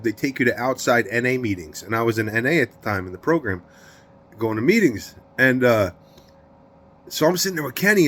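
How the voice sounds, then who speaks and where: A middle-aged man, telling a story in an interview in streetwise slang, emphatic and animated. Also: mid-range voice, slight background noise. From New York.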